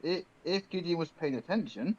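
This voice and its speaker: A man playing a tabletop game, describing his turn in a deliberate, halting way with many pauses. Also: a little high, animated, a little mellow, muffled recording. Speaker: player.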